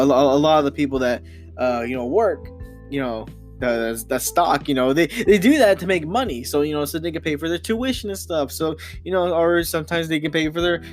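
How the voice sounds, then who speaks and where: A man's voice: fairly high pitch, fairly quick. A man hosting a comedy podcast, speaking in a casual, rambling way. He piles on fillers like "I mean" and "you know" and often repeats his words. Faint music plays in the background. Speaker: podcast host.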